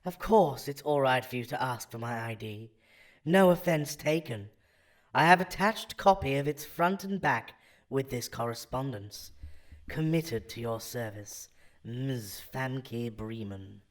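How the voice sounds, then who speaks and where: A man's voice: medium pitch, lively intonation, unhurried, natural voice. A man reading as a stiff scammer agent woman. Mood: stiffly formal. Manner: stiff, formulaic email phrasing. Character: woman scammer posing as formal bank agent. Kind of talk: reading scam emails aloud.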